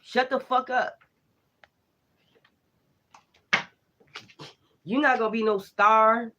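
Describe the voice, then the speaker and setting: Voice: medium pitch, steady tone, pushed and bright, dull audio, slight background noise, close to an everyday voice. A tarot reader voicing a sneering hostile spirit. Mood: contemptuous. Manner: slow, sneering, dismissive. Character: hostile ancient male spirit entity, contemptuous.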